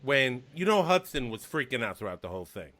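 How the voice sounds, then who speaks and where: A man's voice: big pitch swings, fairly quick, sharp tone, no echo. A man hosting a casual movie discussion over a video call, enthusiastic, laughing and mimicking characters. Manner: enthusiastic, laughs often, mimics characters with big jumps in pitch. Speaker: podcast host.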